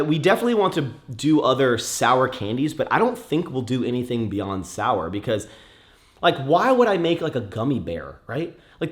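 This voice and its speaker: Rambling young man in casual Q&A. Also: medium pitch. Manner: rambling, many fillers and restarts, turns emotional at times. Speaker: YouTuber answering viewer questions. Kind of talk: casual Q&A chat.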